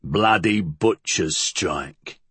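Man doing a gruff, husky tavern keeper. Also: deep voice, extremely slow, fairly bright tone, no room sound, exaggerated voice. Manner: rough working-class dialect, gruff. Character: big brooding working-class tavern keeper man.

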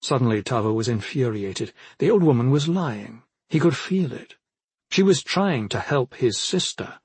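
This audiobook narrator speaks in a slightly husky voice of medium pitch, keeping an even, steady delivery at normal speed. The audio is close and dry, free of any room echo.

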